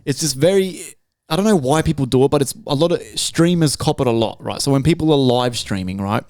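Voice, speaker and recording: This is a man hosting a podcast, his voice smooth and crisp on a dry, close sound. He rants freely, swearing a lot and restarting his sentences as he goes. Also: medium pitch, animated, brisk, darkish tone, no echo. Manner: swearing, rambling rant with restarts. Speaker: podcast host. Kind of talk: casual podcast chat.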